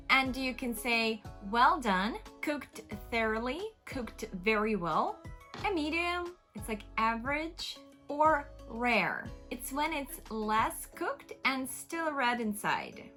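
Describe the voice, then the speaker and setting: A woman English teacher giving an encouraging, clearly spoken vocabulary lesson to camera. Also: on the high side. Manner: encouraging, clear, steady explaining.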